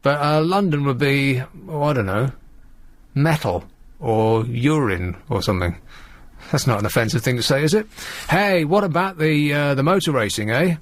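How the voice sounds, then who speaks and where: A man's voice: medium pitch, animated, normal speed. A man hosting a late-night radio phone-in, dry and sardonic, joking with callers and studio staff at a studio microphone. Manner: dry, sardonic and mock-outraged.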